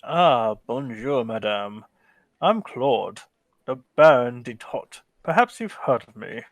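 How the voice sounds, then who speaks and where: A man's voice: medium pitch, very animated, slow pace, no echo, pitched below the performer's own voice. A man voicing a smug male French baron with haughty mock-French courtesy in a tabletop role-play.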